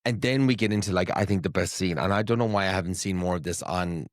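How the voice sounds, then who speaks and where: A man's voice: deep voice, quick pace, no echo, studio quality. A man hosting a podcast, chatting casually and gossiping about reality TV with plenty of laughter and swearing. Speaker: podcast host. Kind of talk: casual chat recapping reality TV.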